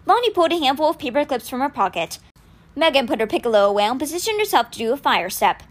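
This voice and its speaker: A woman reading a novel aloud for a podcast, telling the story in an expressive way. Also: high-pitched, fast talker. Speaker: audiobook reader.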